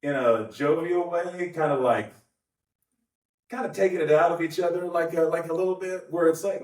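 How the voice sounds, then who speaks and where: A man's voice: fairly high pitch, lively intonation, moderate pace. A man preaching a conversational sermon, rambling with asides and self-corrections. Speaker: pastor. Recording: roomy, distant mic.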